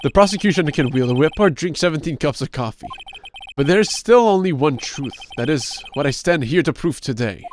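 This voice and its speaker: Dude reading as a cold proud young lady prosecutor, clipped and haughty, lively pitch. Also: brisk, a little hiss or hum, natural voice. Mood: confident.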